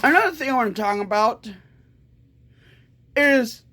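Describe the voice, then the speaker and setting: A woman's voice: on the high side, expressive, sharp tone. A woman ranting angrily to camera in a vlog, swearing often and stumbling over restarts. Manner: angry, profane, halting with restarts. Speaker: vlogger.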